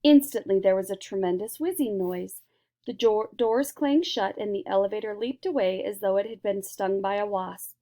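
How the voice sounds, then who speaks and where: A woman reading a children's book aloud in a lively storytelling manner. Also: medium pitch, normal speed. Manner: lively, switches into character voices. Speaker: reader.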